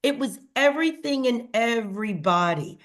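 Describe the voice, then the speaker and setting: A woman's voice: on the high side, animated, moderate pace. A woman giving a motivational talk to her team, speaking earnestly to them and acting out conversations as she retells them. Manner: earnest, addresses listeners directly; acts out quoted dialogue with a raised voice. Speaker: team leader speaking to a sales team.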